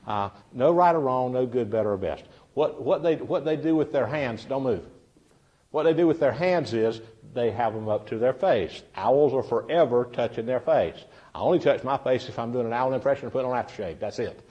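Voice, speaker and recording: A man leads a seminar in front of a live audience. He tells folksy stories in a chatty way and turns to the listeners as he goes. His voice sits at an ordinary middle pitch. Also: a little fast, dark tone, muffled recording. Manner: folksy storyteller, chatty, addresses the audience directly. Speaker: seminar speaker. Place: meeting room with a live audience.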